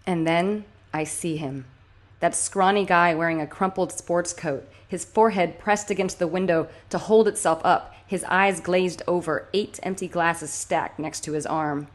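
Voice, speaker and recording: Woman reading her own book aloud, lowish voice, tense first-person story, gets jumpy and anxious. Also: fairly even intonation, unhurried. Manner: tense, intimate storytelling with sudden anxious outbursts. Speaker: author narrating her own audiobook. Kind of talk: first-person audiobook narration.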